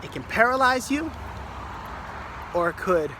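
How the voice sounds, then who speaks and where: A man's voice: extremely high pitch, sing-song, measured pace, noisy background. A man musing aloud in a loose, improvised reflection, playing with words and often restarting his phrases. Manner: wordplay-driven musing with restarts and repetition. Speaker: speaker sharing reflections.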